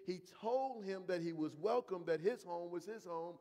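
A high-voiced man, preaching a sermon. He leans into emphatic, drawn-out phrases and keeps calling out to the congregation. His voice rings with the long reverb of a church hall. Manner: preaching with emphatic slow repetition and call-outs to the congregation. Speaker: pastor. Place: church sanctuary.

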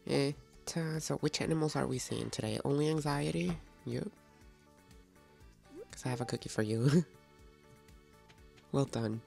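A woman's voice: rumbling low, normal speed, vocal fry, long pauses, darkish tone, faint music behind. A woman hosting a casual let's-play video, chatty and playful, talking to the game's characters and to her viewers. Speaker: gaming video host.

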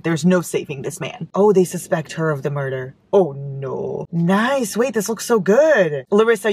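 A woman chatting casually in a car as a book vlogger, gushing and excitable, her voice jumping up into squeals. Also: lowish voice, husky. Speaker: book vlogger opening fan mail. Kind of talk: casual chat. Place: inside a parked car.

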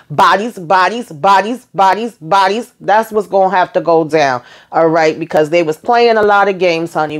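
A woman hosting her own TV show recap, talking in a sassy, animated way straight to her viewers. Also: fairly low pitch. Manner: animated, sassy, talks to viewers as y'all and honey. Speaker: TV recap host. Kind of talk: casual recap chat.

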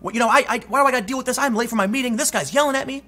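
A man voicing an irritable businessman who is late for a meeting and complains in a rapid rush. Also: very high voice, sharp tone, pitched above the performer's own voice, heavily acted. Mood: exasperated.

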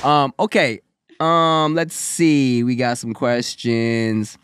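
A man's voice: medium pitch, takes it slowly, fairly bright tone, clean tone. A man hosting a podcast, chatting loosely and joking with a guest. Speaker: podcast host. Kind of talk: casual chat.

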